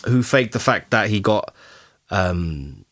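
Expressive man hosting a podcast. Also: lowish voice, slow pace. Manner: expressive, laughs easily, hesitant restarts. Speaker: podcast host. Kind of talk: casual podcast chat.

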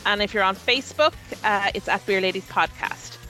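A woman's voice: medium pitch, normal speed, pushed and bright, soft background music, poor audio. A woman reading the podcast's scripted announcements in an upbeat way. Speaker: podcast co-host reading show notices.

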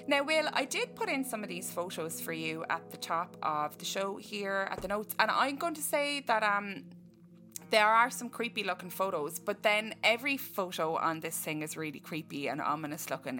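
A woman's voice: medium pitch, sharp tone. Irish woman co-host, casual storyteller, reads notes and riffs, faint music behind. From Ireland. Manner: reads case notes then riffs with jokes. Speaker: podcast co-host.

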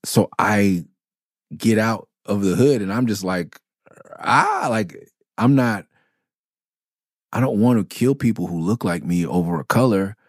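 A middle-aged Los Angeles rapper hosting a podcast tells blunt, profane stories in a rambling, candid monologue, restarting and doubling back as he goes. His fairly low voice is unhurried and a little mellow, recorded dry at studio quality.

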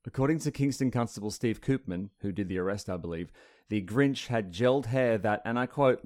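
A man's voice: fairly low pitch, darkish tone. A man co-hosting a podcast in casual chat, teasing and sardonic, who also reads news stories aloud. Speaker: podcast co-host.

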